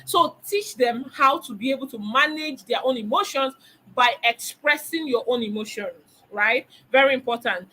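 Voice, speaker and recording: A woman's voice: high-pitched, expressive, moderate pace, bright, forceful tone, low-quality recording. A middle-aged woman teaching a parenting webinar, emphatic, repeating key phrases and asking rhetorical questions. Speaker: parenting coach.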